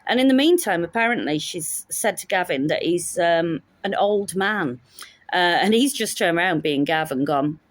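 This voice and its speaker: A woman's voice: on the low side, lively intonation, moderate pace, no room sound. A woman telling a story in a casual vlog, wry and sarcastic. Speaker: teacher.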